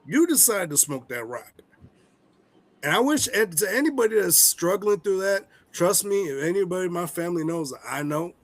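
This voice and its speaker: A young man co-hosting a comedy podcast, ranting in a heated, profane and animated way. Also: sits high, moderate pace, no room sound. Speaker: podcast co-host. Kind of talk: casual comedic rant.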